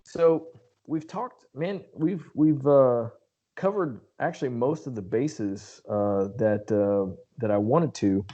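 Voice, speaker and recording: A man's voice: medium pitch, takes it slowly, warm tone, highs cut off. A middle-aged man hosting a podcast interview, chatting in an easygoing, rambling way. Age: late 30s or older. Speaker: podcast host. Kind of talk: casual interview chat.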